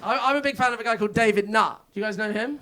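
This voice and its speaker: A male stand-up comedian with a high, very fast, sharp-toned voice tells rambling, self-mocking stories on a comedy club stage. The audience laughs often, and the live room picks up the crowd's laughter.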